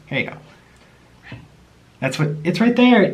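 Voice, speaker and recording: A man hosting a casual eating show, chatting while he eats. His voice sits a bit high and swings widely in pitch. He laughs easily and slips into cooing talk for his pet. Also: very animated, very slow, pauses often, sharp tone. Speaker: mukbang host.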